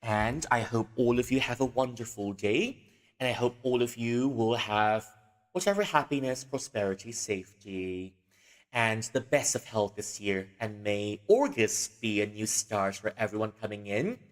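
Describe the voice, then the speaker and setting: A man's voice: lowish voice, expressive, moderate pace. A man hosting a casual livestream who rambles and giggles, with a long reverb on the recording. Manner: rambling, giggly, full of fillers. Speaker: livestream host.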